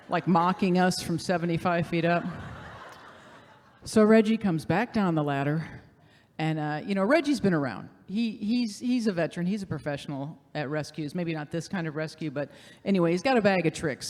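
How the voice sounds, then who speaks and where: A woman's voice: lowish voice, a little mellow. A middle-aged woman telling a humorous personal story on stage, self-deprecating and chatty with many fillers. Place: showcase stage. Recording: long hall reverb.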